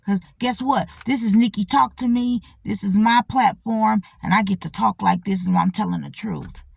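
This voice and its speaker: A woman's voice: mid-range voice, normal speed, creaky, husky, no echo, clean studio sound. A middle-aged woman hosting her own channel, telling a personal story in casual, blunt, profane talk, often checking in with her audience. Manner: animated, talks back to the audience, repeats herself. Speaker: channel host.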